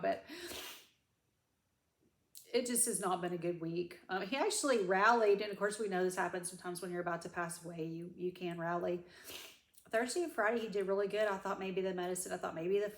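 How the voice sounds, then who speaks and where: Lady vlogging thru tears, gravelly voice, kinda echoey room, rambles a lot. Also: on the low side, fairly even intonation, a little fast. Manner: rambling, self-correcting, Southern "y'all". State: crying. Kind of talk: tearful personal update to camera.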